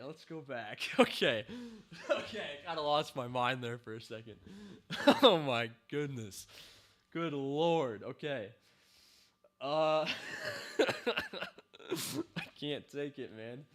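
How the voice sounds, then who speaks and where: A man's voice: mid-range voice, fairly bright tone. A man reviewing a TV show in a ranting commentary, exasperated, sighing and laughing in disbelief.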